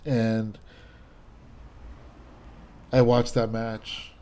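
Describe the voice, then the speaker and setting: A man in his thirties talks in a loose, rambling way, piling up fillers and restarts. His voice is mellow and dark in tone, and his enthusiasm comes through as he chats casually. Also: mid-range voice, level tone, very slow, clean tone. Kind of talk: casual chat.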